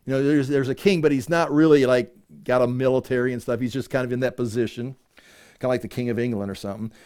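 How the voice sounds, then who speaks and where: A man's voice: medium pitch, fairly even intonation, fast talker, darkish tone, clean tone. A man teaching from scripture in a conversational way, reading passages and then explaining them in casual, self-correcting asides. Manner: chatty, self-correcting, many "you know"s.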